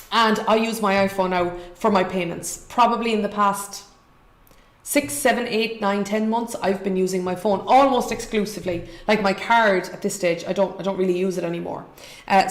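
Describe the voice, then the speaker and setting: Irish woman, live show host, upbeat, chatty, reads comments aloud, roomy echo. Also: medium pitch. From Ireland. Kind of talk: live-streamed investing show.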